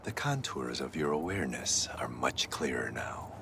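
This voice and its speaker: Deep breathy zen guide in a game, calm and riddling, pitch rolls up and down a lot. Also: male voice, moderate pace, a little hiss or hum, exaggerated voice. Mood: serene. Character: calm male meditation guide, serene and cryptic.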